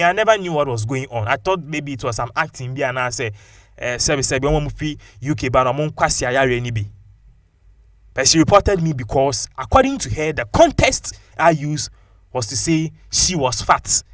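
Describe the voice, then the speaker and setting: Animated Ghanaian man giving commentary. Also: mid-range voice, normal speed, no room sound, clean studio sound. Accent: Ghanaian English. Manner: animated, mixes local language into English. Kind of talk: opinionated commentary vlog.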